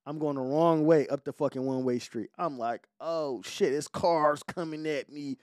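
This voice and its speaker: Give me an animated male podcast host telling a raw story, dry and close. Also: a little high, moderate pace, dry recording. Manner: animated, profane storytelling with shifting voices. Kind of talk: casual storytelling chat.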